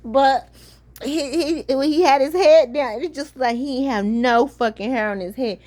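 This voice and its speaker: A woman's voice: sits high, moderate pace, darkish tone. A woman, telling a story to her viewers in a casual, profane vlog. She keeps breaking into helpless laughter and is teary-eyed from it. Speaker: vlogger.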